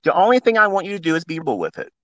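A man's voice: on the high side, sing-song, racing, a bit bright, no echo. A middle-aged man talking into a phone as a trading mentor, in a passionate, preachy monologue with blunt swearing. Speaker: trading mentor hosting a live audio space. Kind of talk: unscripted heartfelt monologue.

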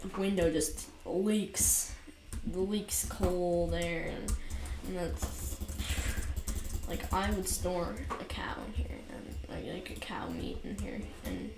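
A woman rambling through casual gameplay commentary, full of fillers and quick to get frustrated, recorded on a desk mic in a cold basement room. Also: lowish voice, lively intonation. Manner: rambling, filler-heavy, self-mocking, easily frustrated. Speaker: gaming commentator. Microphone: new USB desk mic. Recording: roomy echo with noisy background.

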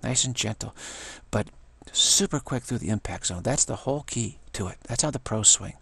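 A man talking in a loose, rambling monologue, repeating himself and restarting words, getting animated when excited. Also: lowish voice, a little fast, gravelly, breathy edge, no echo.

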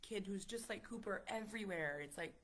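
A woman in her thirties, a parent vlogger telling a story in casual, animated chat, full of fillers and acted-out quotes. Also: medium pitch, a little fast. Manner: animated, chatty, many fillers, acts out quotes.

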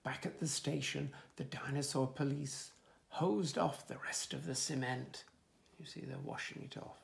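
A man's voice: medium pitch, a little slow, gravelly. A man reading a picture book aloud to children, adding playful asides about the pictures. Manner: animated, playful asides to young listeners. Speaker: children's storyteller.

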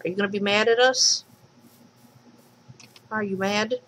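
A woman's voice: mid-range voice, fairly even intonation, a little slow, a bit bright, low-quality recording. A woman casually commenting on her own game as she plays, chatting to the animals she meets and squealing when startled. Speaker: let's play host and mod maker.

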